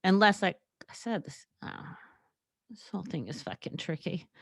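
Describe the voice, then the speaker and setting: A woman's voice: on the low side, expressive, normal speed, husky, dry recording, studio quality. A young woman hosting a solo podcast, talking candidly and rambling, with frequent laughs and fillers. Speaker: podcast host. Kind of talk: casual solo podcast chat.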